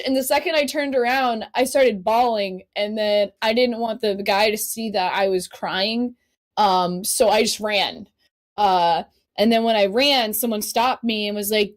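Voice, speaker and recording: Animated, laughing woman telling stories. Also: on the high side, moderate pace. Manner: animated, swears freely, laughs often. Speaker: podcast guest, cosplay model. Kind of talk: casual storytelling chat.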